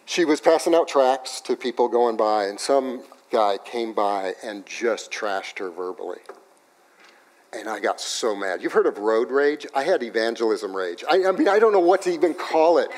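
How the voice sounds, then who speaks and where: Animated storytelling preacher man. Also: mid-range voice, moderate pace. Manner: animated storytelling, swings from loud to hushed. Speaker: pastor. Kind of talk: sermon with personal story.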